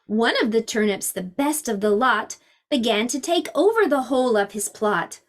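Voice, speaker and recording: A woman preschool teacher reading a storybook aloud to young children in an expressive, sing-song way. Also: fairly high pitch, moderate pace.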